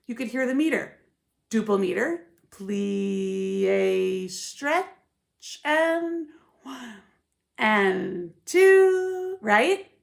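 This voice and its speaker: Emphatic ballet teacher woman, fairly high voice. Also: vocal fry. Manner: emphatic, musical, often checks in with "yeah?" and "right?". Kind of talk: teaching tips to camera, with sung counts.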